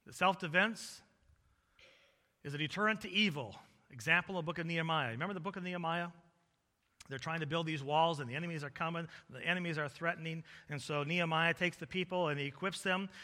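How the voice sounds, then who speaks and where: A male preacher delivering a sermon, swinging between loud emphatic peaks and low quiet stretches in a repetitive preaching cadence. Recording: long reverb of a large hall.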